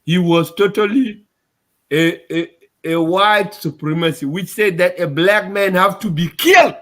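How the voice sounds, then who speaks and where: A man speaks to his community, upset and insistent, and circles back to the same points again and again. His voice sits somewhat high for a man. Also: a little slow, a bit bright. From South Sudan. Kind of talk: impassioned address to his community.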